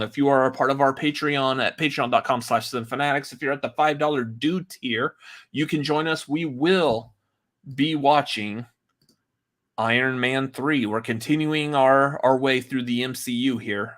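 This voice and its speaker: A man's voice: medium pitch, fairly bright tone. A man hosting a movie podcast in casual, rambling chat, laughing often. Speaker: podcast host.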